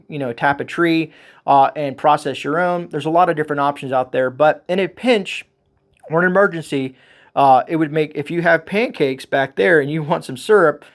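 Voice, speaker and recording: A man hosting a casual grocery haul video, talking in a folksy, rambling way and calling his viewers folks. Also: a little high. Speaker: homestead channel host.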